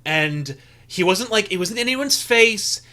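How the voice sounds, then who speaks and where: High bright-voiced man telling a rambling story. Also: lively intonation, measured pace. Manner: rambling storyteller with many restarts. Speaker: podcast co-host. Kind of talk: casual chat.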